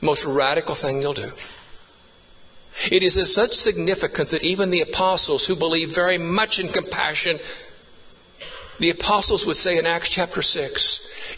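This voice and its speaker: A man's voice: on the high side, normal speed, sharp tone, slightly rough, big-room sound, rough recording. A man preaching a sermon, telling stories earnestly and building to emphatic repeated phrases.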